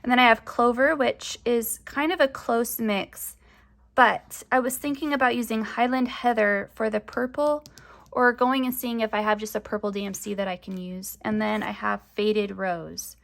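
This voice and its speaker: A woman's voice: a little high, steady tone, normal speed, creaky, fairly bright tone. Chatty young woman crafting vlogger. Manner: chatty, rambling, many fillers, voice rising at sentence ends. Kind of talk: casual chat to camera.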